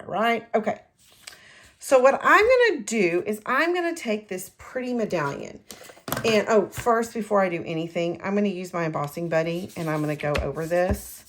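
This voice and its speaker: Gravelly-voiced chatty woman crafter. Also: medium pitch, slight background noise. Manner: chatty, rambling, self-correcting. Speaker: card-making demonstrator. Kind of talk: casual craft tutorial. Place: home craft room.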